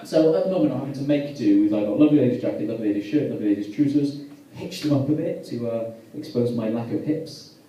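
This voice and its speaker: A young British man doing a stand-up set, chatting with the crowd and delivering absurd jokes deadpan. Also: medium pitch, quick pace, highs cut off. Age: young adult. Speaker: stand-up comedian. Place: comedy venue with a live audience. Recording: echoey room from far off. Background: audience laughter.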